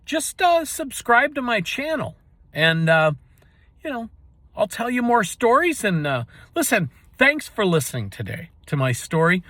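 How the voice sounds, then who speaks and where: A man with a fairly high, very animated voice tells a personal story in a relaxed, folksy ramble. He keeps dropping in casual asides, and the sound is close and dry, with no room around it. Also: measured pace, no echo. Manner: folksy and rambling, full of "you know" asides. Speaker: storyteller and channel host.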